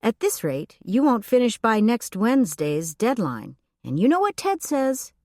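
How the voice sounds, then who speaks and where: A woman narrator voicing a brisk, matter-of-fact female coworker in an audiobook. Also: on the high side, big pitch swings, a little mellow, dry recording, clean studio sound, voice pushed up.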